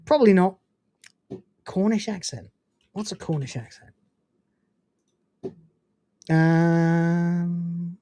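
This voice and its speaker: A man's voice: high-pitched, drawn-out words, pauses often, mellow, a little hiss or hum. A man hosting a casual livestream, ranting in a profane, incredulous way and reading out donations. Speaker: livestream host.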